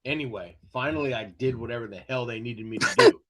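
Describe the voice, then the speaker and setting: A man co-hosting a sports podcast, telling a story in casual chat, animated and profane, often laughing as he goes. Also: mid-range voice, fast talker. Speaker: podcast co-host.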